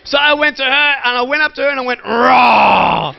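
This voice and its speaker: A man's voice: very high-pitched, level tone, racing, a little hiss or hum. A man giving a motivational speech to schoolchildren in a playful way, asking the audience questions. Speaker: motivational speaker. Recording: dull lo-fi recording.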